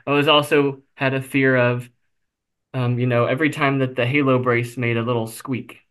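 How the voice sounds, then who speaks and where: A man's voice: mid-range voice, flat delivery, normal speed, fairly bright tone, clear, resonant tone. A man being interviewed, telling a personal story candidly, with self-deprecating humor and frequent fillers. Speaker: interview guest.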